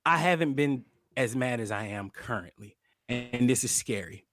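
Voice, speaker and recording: A young man co-hosting a podcast, telling a heated story in casual, profane chat and loudly acting out what people said. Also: mid-range voice, moderate pace, dry recording, clean studio sound. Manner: animated, profane, acts out quotes loudly. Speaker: podcast co-host.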